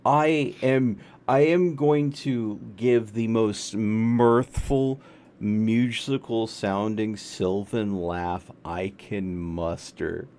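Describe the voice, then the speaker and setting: A man with a low, dark, mellow voice plays a tabletop game. He talks slowly and thinks aloud, restarting his sentences. His tone is wry and relaxed. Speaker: player. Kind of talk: casual tabletop game chat.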